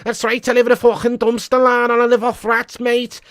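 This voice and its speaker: A man's voice: very high voice, monotone, fairly quick, a bit bright, no echo, studio quality, voice pushed up. A man doing a mocking impression of a crude young male footballer with a Scouse accent, swearing as he goes.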